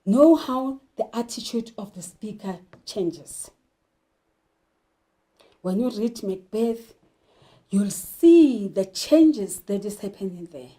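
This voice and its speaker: Slow, mellow-voiced woman teacher. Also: medium pitch, animated, poor audio. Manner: slow, emphatic, asks learners questions. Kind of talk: televised classroom lesson.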